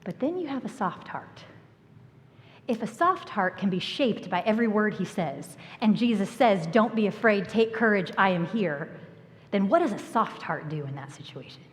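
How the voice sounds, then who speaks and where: A woman delivers a sermon, retelling a story with animated voices and dropping into hushed whispers for emphasis. Her voice has a mid-range pitch and carries a long church-hall reverb. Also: moderate pace, slight background noise. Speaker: preacher. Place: church sanctuary.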